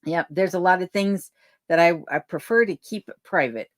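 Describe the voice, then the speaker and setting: A woman hosting a live stream from her home, reading viewer comments aloud and chatting back in a relaxed, easygoing way. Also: on the low side, moderate pace, no echo, studio quality. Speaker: livestream host reading chat comments. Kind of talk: casual live chat. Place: home in remote Alaska. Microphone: desk microphone.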